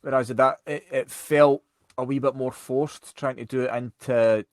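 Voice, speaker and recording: A man's voice: mid-range voice, fairly even intonation, unhurried, no echo. A Scottish man in casual podcast chat, hesitant and often repeating words as he starts. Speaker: podcast co-host.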